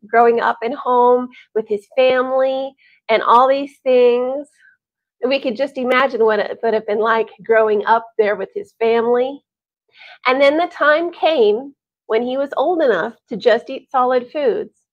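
Animated woman telling a Bible story. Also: high-pitched, measured pace. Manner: animated, chatty, with sighs and laughs. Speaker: Bible teacher. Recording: dull lo-fi recording.

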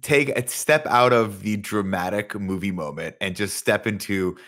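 A man co-hosts a podcast, chatting casually in a laid-back, wry manner. His voice is on the low side and a bit bright, at a moderate pace.

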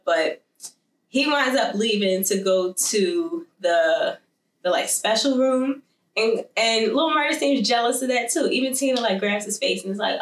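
A woman chatting casually as she recaps a TV episode, telling it like a story and acting out the characters' lines. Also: mid-range voice. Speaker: show recap vlogger. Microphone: wireless mic. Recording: echoey room, mic at a distance.

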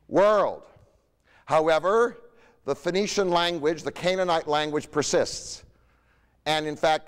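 A man's voice: a little high, smooth, in a large hall. A man giving a history lecture in a conversational way, often tossing rhetorical questions to his audience.

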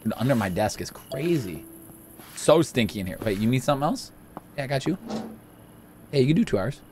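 A man hosting a casual let's-play video, excitable and jokey, chatting to the game's characters as he plays. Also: medium pitch, a little fast, slight background noise. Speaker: gaming video host.

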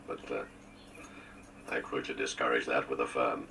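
A man's voice: rumbling low, moderate pace, gravelly, fairly bright tone, recorded from a distance, slight background noise, poor audio. An older man, a guest on a radio interview, reminiscing with jokes and theatrical asides. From England. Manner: jokey, theatrical storyteller with asides.

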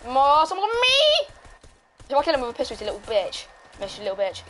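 A woman's voice: mid-range voice, rapid-fire, darkish tone, a little hiss or hum. A woman hosting a casual gaming video, joking and laughing through banter with a friend. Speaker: channel host, gamer.

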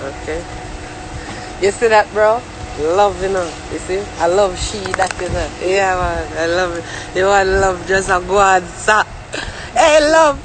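A young Jamaican man vlogging in patois, ranting loudly and cursing about the year, turning often to the listener. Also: high-pitched, measured pace, noisy background. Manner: loud, swearing, animated rant with frequent asides to the listener.

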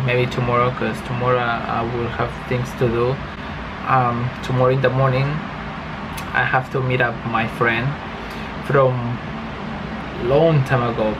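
Slow, halting man vlogging at home. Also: mid-range voice, creaky, background noise. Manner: slow, halting and repetitive, swears often. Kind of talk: casual vlog monologue. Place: home bedroom.

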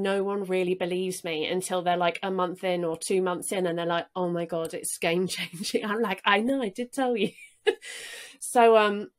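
Woman guest chatting, earnest and easy, mid pitch, little laughs here and there. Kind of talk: casual interview talk.

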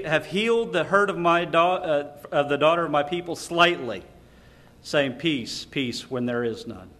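A man's voice: on the high side, fairly bright tone. Emphatic man preaching a sermon. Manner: emphatic, rhetorical questions, quoting scripture. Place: lecture hall.

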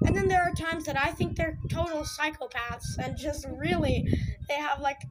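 A woman's voice: high voice, steady tone, moderate pace, heavy background noise. A young woman reviewing a film in a casual, dramatic and sarcastic way, ranting in exasperation.

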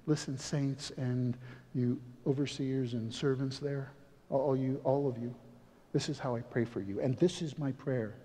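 Man preaching in a reverberant hall. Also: medium pitch. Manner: swings between quiet asides and loud emphatic peaks; chuckles often and talks to the congregation directly. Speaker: pastor. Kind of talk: sermon. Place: church sanctuary. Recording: long reverb of a church hall.

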